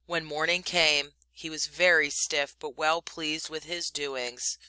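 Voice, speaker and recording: A woman teacher reads a story aloud in a slow, expressive way. Her voice is bright and clear, and the sound is dry and close. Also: deep voice, no echo.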